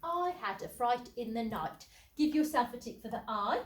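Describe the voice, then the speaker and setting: A woman's voice: on the high side, expressive, moderate pace. A woman teacher, giving a phonics lesson and sounding out letters in an encouraging way. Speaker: primary school teacher. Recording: echoey room, faint background noise.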